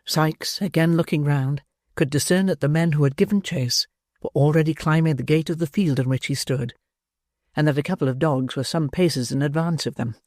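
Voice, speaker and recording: A man narrating an audiobook of a classic novel with a measured, expressive reading. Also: fairly high pitch, no room sound, clean studio sound. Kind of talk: scripted narration.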